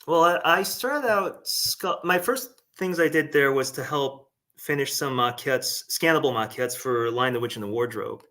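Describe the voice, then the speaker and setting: A man talking as a guest artist in a casual interview, hesitant and animated, with plenty of "um" and "like". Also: medium pitch, moderate pace, few pauses.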